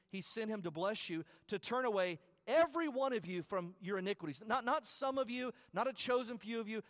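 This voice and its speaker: A man's voice: high voice, fairly bright tone. A man preaching a sermon as pastor, emphatic and repetitive at the peaks, chatty with stumbles in the asides. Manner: emphatic preaching with repeated phrases and rising calls; conversational asides with stumbles and restarts.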